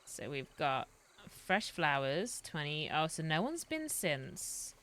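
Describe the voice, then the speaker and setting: A woman's voice: sits low, very animated, slow pace, a bit bright. A woman streaming a roleplay game, chatting in a rambling way and laughing often. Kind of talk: casual chat while streaming a roleplay game.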